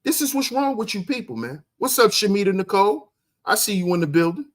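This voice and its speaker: A man hosting a livestream, ranting loudly and crudely at his chat, firing off rhetorical questions and answering them himself. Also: high-pitched, big pitch swings, a little fast. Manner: loud, confrontational, profane, often shouting. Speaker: livestream host. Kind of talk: ranting commentary to live chat.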